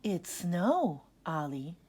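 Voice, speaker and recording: A woman voicing a kind, patient mother who reassures her little one gently. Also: on the low side, big pitch swings, drawn-out words, slightly rough, full character voice. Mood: gentle.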